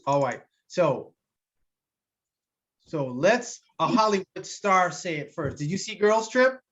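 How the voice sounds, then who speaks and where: A man hosting a casual online Q and A, talking haltingly with many fillers. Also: high voice, sing-song, fairly bright tone, highs cut off. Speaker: host of online Q and A.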